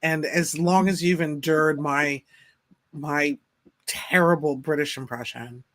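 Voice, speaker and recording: A woman hosts a casual podcast conversation, gushing and joking freely. Her voice is bright and forward, and her praise pours out in long, rambling stretches. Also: low-pitched, fairly even intonation, slow pace. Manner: gushing, effusive, jokey. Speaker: podcast host.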